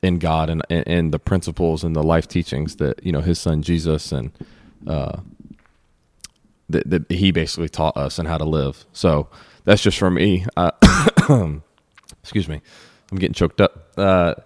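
A man co-hosting a podcast, speaking reflectively and personally about faith, with halting repeats. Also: extremely low pitch, steady tone, darkish tone, dry recording, studio quality. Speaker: podcast co-host. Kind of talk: casual faith discussion.

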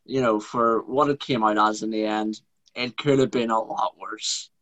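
A man's voice: lowish voice, steady tone, moderate pace, a bit bright, low-quality recording. A man guest on a film podcast, easygoing and hedging, laughing often. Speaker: guest blogger. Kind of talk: casual film review chat.

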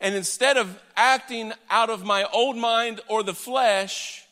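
A man preaching a sermon in an earnest, emphatic way, swinging between loud declarations and hushed asides. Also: high voice, fairly even intonation, takes it slowly, hardly any pauses. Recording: long hall reverb.

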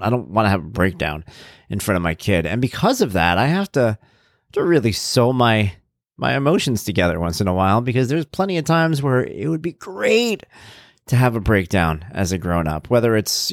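A man's voice: lowish voice, very animated, brisk, no echo. A man hosting his own podcast in casual chat, upbeat and chatty with rambling asides, close to the mic. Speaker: podcast host.

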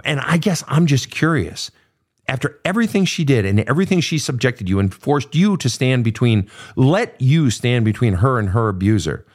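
A man coaching a guest through her family history, blunt and profane, pressing her with repeated pointed questions. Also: mid-range voice. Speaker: host. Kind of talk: confrontational coaching session.

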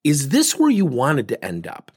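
A man's voice: mid-range voice, huge pitch swings, normal speed, darkish tone, breathy edge. A man giving a talk, telling a story and acting out both sides of a conversation. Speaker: speaker on leadership and feedback.

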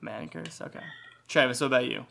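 A man's voice: medium pitch, fast, gravelly, pushed and bright. Man moderating a mock debate. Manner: mock-formal, announces points. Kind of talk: mock game-show hosting.

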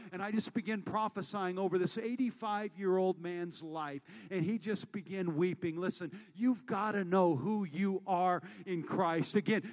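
A man preaching a sermon as pastor, moving between hushed storytelling and loud, rallying calls to the congregation. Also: high-pitched, long reverb tail. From United States.

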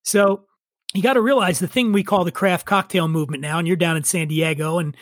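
A middle-aged drinks writer who hosts a drinking show tells his life story in a casual interview. His voice sits high and moves fairly quickly, and he's animated, swears freely and laughs at himself.

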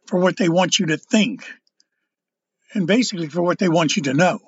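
An older man giving a casual political monologue, rambling and halting, often stumbling over his words. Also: high voice, slightly rough, no echo, dull audio. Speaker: political commentator.

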